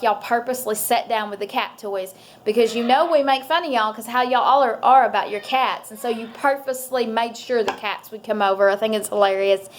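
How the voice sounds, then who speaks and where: A woman's voice: a little high, slight background noise. Chatty woman vlogging, rambling. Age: adult parent. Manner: chatty, rambling, with many fillers. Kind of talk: casual chat to camera.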